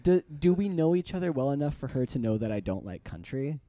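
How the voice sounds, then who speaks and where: Young man, podcast co-host, casual chat, halting restarts, lively pitch, dry sound. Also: dry recording. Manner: joking, halting, lots of restarts.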